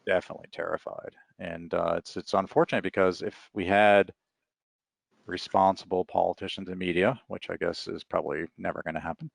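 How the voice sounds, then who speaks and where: A middle-aged man with a very low voice and a gravelly rasp, talking easily as an interview guest. He tells his stories in a relaxed, rambling way. The sound is dry and close. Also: brisk, no room sound. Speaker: author guest. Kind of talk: casual interview talk.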